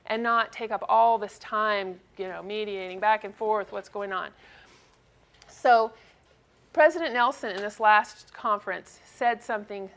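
A woman's voice: medium pitch, a bit bright. A middle-aged mother giving a casual church talk, chatty, with many fillers and frequent laughs. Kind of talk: personal storytelling talk.

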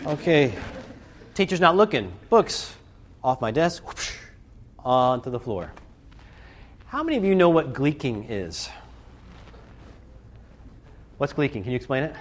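A man giving a storytelling talk to a student audience, animated and acting out scenes and voices. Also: medium pitch, measured pace, pauses often, a little hiss or hum. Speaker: speaker addressing students. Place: live talk to a group.

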